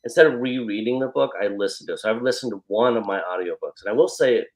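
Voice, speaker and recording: A man's voice: fairly low pitch, quick pace. A man talking as a guest author in casual chat, thinking aloud with frequent restarts.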